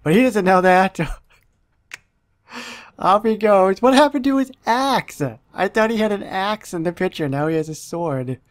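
A man's voice: sits high, measured pace. A man, a YouTuber, giving chatty and amused commentary over a mobile game walkthrough, recorded close on a dry mic. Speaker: gaming YouTuber.

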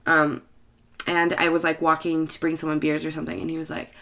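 A woman in her thirties rambles through a casual monologue, swearing freely and laughing at herself. Her voice sits on the lower side, yet its tone is bright and forceful. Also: completely flat delivery, brisk. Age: 30s. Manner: profane, self-mocking, laughs often. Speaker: bartender and show host.

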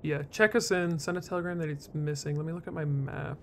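A man chatting in character during an online roleplay game, answering in a relaxed, easygoing way. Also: on the high side, quick pace, creaky, a crowd in the background. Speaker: roleplay gamer.

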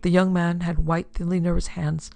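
A woman host giving a steady, scripted narration of a pulp detective story. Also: fairly low pitch, moderate pace, creaky, faint music behind.

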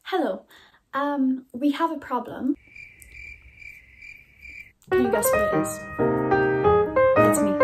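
A woman's voice: fairly high pitch, unhurried, long pauses, loud music behind the voice. A young woman chatting casually to camera as a vlogger, rambling and self-mocking, full of fillers. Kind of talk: casual vlog chat.

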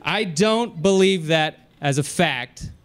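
A man doing a stand-up comedy set on a club stage, telling stories with animated delivery, jumping up high when excited and laughing along with himself. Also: slow pace, some chatter behind.

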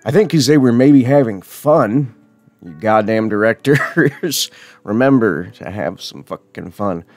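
A man's voice: lowish voice, animated, unhurried, darkish tone, faint music behind. A man casually reviewing horror films, rambling, laughing often and swearing freely. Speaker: film reviewer.

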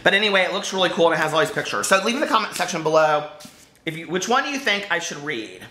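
A man's voice: a little high, very animated, fast talker, bright, forceful tone, roomy sound, slight background noise. A man chatting casually and playfully to camera as a book vlogger.

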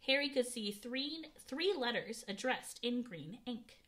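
A woman's voice: fairly high pitch, expressive, unhurried, pushed and bright. A woman reading a children's novel aloud, narrating expressively and giving the characters voices. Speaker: audiobook reader.

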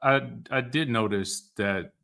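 A man's voice: medium pitch, unhurried, vocal fry, pushed and bright. A man hosting an interview, asking short follow-up questions. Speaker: host.

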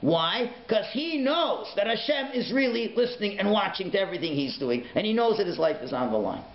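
Animated rabbi in an echoey room. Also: male voice, high voice, brisk. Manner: animated, acts out voices, sudden shouts and hushed whispers. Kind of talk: Torah class. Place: synagogue learning centre classroom. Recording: echoey room, dull lo-fi sound, faint hiss.

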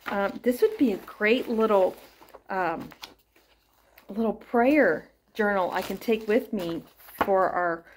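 A chatty middle-aged woman talks her way through an unboxing at home. She gushes over every gift and thinks out loud as she goes. Her voice sits at a middling pitch. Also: slow, noisy background. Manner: gushing, chatty, thinks aloud. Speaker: crochet vlogger. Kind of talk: casual unboxing chat.

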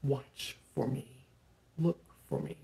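Brief: calm, commanding voice of God read by a male pastor, hushed and slow, echoey room. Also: medium pitch, creaky, pitched below the performer's own voice, full character voice.

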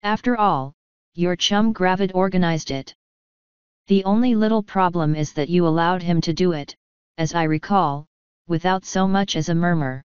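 A woman reading the part of a retired older male colonel, speaking in a measured, wry and quietly scornful way. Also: on the low side, smooth, dry recording, lightly acted. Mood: dry wry. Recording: dull lo-fi sound.

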